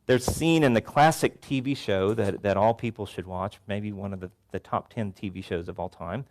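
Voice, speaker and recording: A man's voice: lowish voice, moderate pace. A male pastor giving a sermon to a congregation, telling stories with animation. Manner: animated storytelling, acts out voices. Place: church before a congregation.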